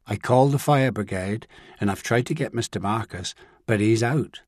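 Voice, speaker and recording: A man's voice: fairly low pitch, moderate pace, no room sound, studio quality, close to an everyday voice. A man playing a distraught, apologetic woman. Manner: apologetic, breaking with grief. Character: anxious, distraught woman caretaker. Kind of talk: audiobook character reading.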